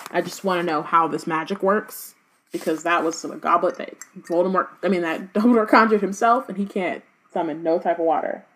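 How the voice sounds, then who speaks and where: A woman's voice: fairly low pitch, steady tone, moderate pace, a bit bright. A woman co-hosting a book podcast, reading passages aloud and chatting casually with lots of fillers. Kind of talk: casual chat and read-aloud.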